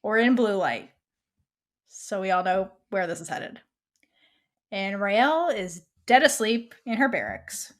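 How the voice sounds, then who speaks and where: A woman co-hosting a fan podcast, retelling a TV episode in a casual, animated way and quoting the characters' lines. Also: medium pitch. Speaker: podcast co-host.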